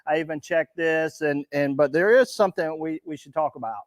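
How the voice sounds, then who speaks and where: Encouraging man with a dry, higher voice. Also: a little fast, no room sound. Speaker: podcast co-host. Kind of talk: casual chat.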